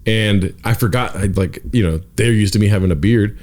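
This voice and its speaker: A man's voice: fairly low pitch, a little fast, darkish tone. A young man hosting a podcast, telling a rambling story in loose casual chat, full of swearing and "dude". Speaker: podcast host.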